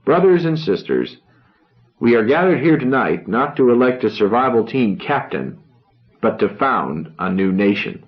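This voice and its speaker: A man reading a novel aloud, voicing a grandiose young orator who speaks solemnly with dramatic pauses. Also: medium pitch, big pitch swings, muffled recording, close to an everyday voice.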